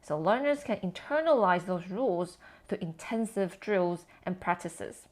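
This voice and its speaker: A woman educator giving a scripted lesson on language teaching, with measured, explanatory delivery. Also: lowish voice, expressive, darkish tone. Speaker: TESOL educator.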